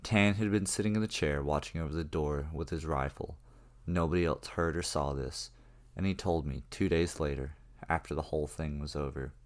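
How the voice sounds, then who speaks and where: A creepypasta narrator with an extremely deep, low-pitched voice tells a horror story at normal speed. He recounts it casually in the first person, swearing a lot along the way.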